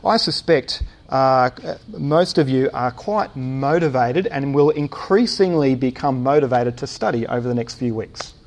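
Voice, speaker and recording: A man's voice: mid-range voice, a little slow, few pauses. A man preaching a sermon in a church, thinking aloud with many uh's and restarts and posing rhetorical questions.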